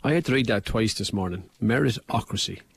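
Fast-talking co-host. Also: male voice, on the low side, creaky, a little hiss or hum. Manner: wry, quick banter.

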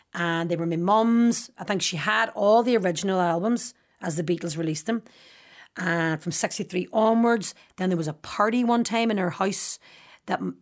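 A woman with a Northern Irish Derry accent, chatting as a guest and telling stories full of local slang with a laugh. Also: lowish voice. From Derry, Northern Ireland. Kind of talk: casual chat.

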